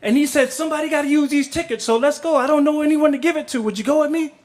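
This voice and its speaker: A man's voice: very high voice, rapid-fire, pitched above the performer's own voice. A man doing an eager young woman friend. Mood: coaxing.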